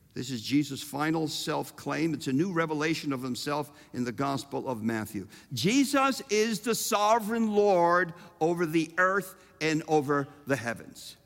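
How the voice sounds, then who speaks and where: A man preaching a sermon, emphatic and humorous, with dramatic pauses. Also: on the high side. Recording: reverberant hall.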